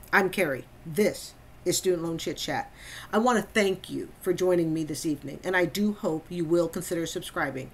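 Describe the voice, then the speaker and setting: A woman's voice: on the low side, slight background noise. A woman hosting a reaction commentary, emphatic and repeating phrases for stress. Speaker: host.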